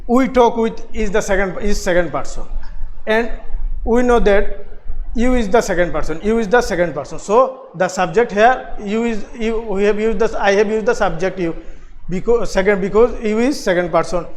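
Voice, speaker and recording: A man with a Bangladeshi English accent teaching a grammar lesson, slowly repeating phrases, spelling words out and laughing softly. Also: sits high, poor audio. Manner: slow, repetitive explaining with soft laughs.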